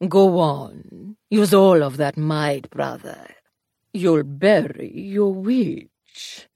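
A cruel male demon taunts in a slow, gravelly drawl, as a woman narrator puts him on. The voice sits low and husky, with soft hissed words, close and dry like a storybook reading. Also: no echo, full character voice. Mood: taunting. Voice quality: low gravelly breathy menace. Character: cruel sneering male demon, mocking his brother. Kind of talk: audiobook character voice.

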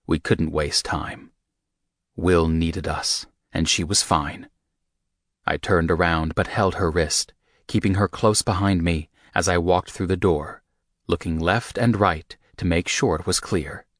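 Deep, steady male audiobook narrator. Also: measured pace, no echo, studio quality. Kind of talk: first-person audiobook narration.

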